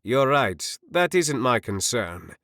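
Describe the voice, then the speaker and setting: A man voicing a stern, authoritative Roman centurion in an audiobook, firm and commanding in a measured way. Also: mid-range voice, very animated, fairly bright tone, no echo, studio quality, heavily acted. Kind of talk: audiobook character voice.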